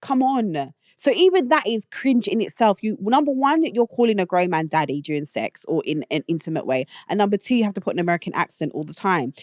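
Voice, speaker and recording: A woman's voice: medium pitch, lively intonation, fast talker, few pauses, a little mellow, dry recording, studio quality. A British woman hosting her own show, giving blunt, opinionated takes in a casual monologue that rises to indignant outbursts. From Britain. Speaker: show host.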